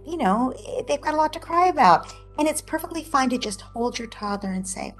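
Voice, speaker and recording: A woman parenting expert explaining advice in an online interview over a video call, lively and often checking in with "right?". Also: high-pitched, moderate pace, soft background music. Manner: animated, acts out parent and child voices, often tags "right?".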